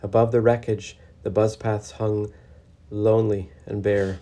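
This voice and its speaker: Mellow, low-voiced male storyteller. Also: measured pace. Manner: gentle, reflective, steady. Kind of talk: storybook narration.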